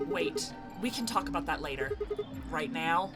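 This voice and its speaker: A young woman streaming a game, excitable and loud, swearing, laughing and screaming as she plays. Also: on the high side, measured pace, over music. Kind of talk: let's play commentary.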